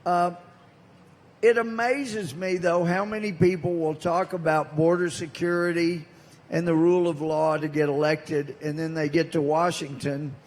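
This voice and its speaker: A man's voice: a little high, flat delivery, measured pace, a little mellow. Older Southern man speechifying in a reverberant hall. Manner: folksy, anecdotal storytelling with emphatic punchlines. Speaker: congressman giving a speech. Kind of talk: speech to a live audience.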